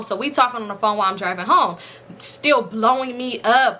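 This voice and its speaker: A woman's voice: a little high, fast, slight background noise. A woman in her twenties telling a storytime vlog story casually, swearing and acting out the dialogue. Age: 20s. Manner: animated, swears, acts out dialogue. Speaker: storytime vlogger.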